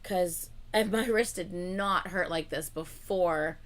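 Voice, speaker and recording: A woman's voice: lowish voice, slow pace. A young woman co-hosting a livestream, chatting casually and rambling with lots of filler words. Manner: rambling, lots of "like" fillers, laughs between lines. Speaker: livestream co-host.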